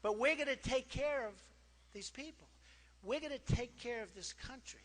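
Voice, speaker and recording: A man's voice: extremely high pitch, normal speed, fairly bright tone. A man giving a campaign rally speech in a boastful, repetitive, conversational way, with many asides. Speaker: political candidate. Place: large rally hall. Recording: long hall reverb from PA.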